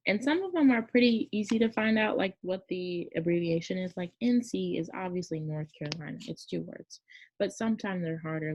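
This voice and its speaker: Her voice is warm and fairly low as she teaches an easygoing classroom lesson near Memphis, Tennessee, wandering off track, filling pauses, and correcting herself often. The audio is dry, with a dull, lo-fi quality.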